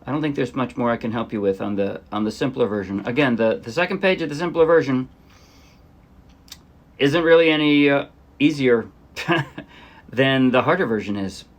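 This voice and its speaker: A man teaching a ukulele song step by step in a relaxed, thinking-aloud way, with fillers and small self-corrections. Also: mid-range voice, moderate pace, pauses often. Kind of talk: casual step-by-step music lesson. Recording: ukulele playing under the voice.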